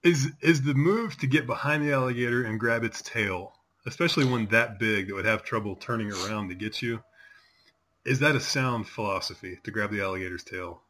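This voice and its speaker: A man's voice: lowish voice, a little fast, fairly bright tone. A man in his forties chatting casually as a host, telling rambling stories with many fillers. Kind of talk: casual chat.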